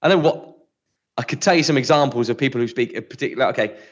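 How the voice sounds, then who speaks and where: A man's voice: mid-range voice, fast, dull audio. A man from the West of England near Bristol with a West Country accent, co-hosting a podcast in a casual, rambling, self-mocking way. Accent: West Country English. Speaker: podcast co-host.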